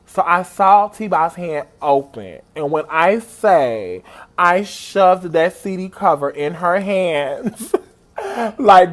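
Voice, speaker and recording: A male vlogger tells an excited personal story straight to camera. His voice swoops widely up and down as he gushes to his viewers. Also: slow. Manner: animated and gushing, big pitch swings, talks straight to viewers.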